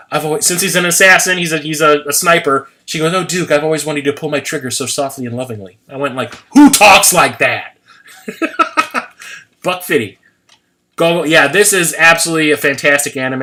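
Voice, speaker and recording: His voice is on the high side, pushed and bright: an American man in his forties hosting a livestream. He rambles casually, cursing freely and laughing at his own expense.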